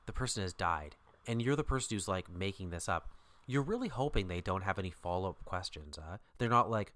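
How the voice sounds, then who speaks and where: A man co-hosting a podcast, chatting casually about a TV episode and joking, jumping into high voices for quotes. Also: expressive, fairly quick, fairly bright tone. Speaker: podcast co-host.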